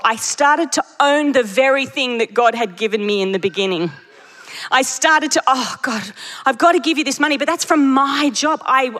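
A woman preacher delivering a sermon, telling stories with lively energy and laughing at her own jokes. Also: high-pitched. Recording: long reverb of a large hall.

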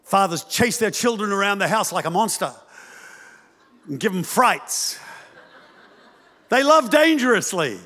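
A man preaches with lively humor, slipping into playful impressions of mothers and fathers. His voice sits high, and it rings with a long reverb through a large hall. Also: measured pace, long pauses. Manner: animated, acts out parents' voices with humor. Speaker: pastor. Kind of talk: sermon.

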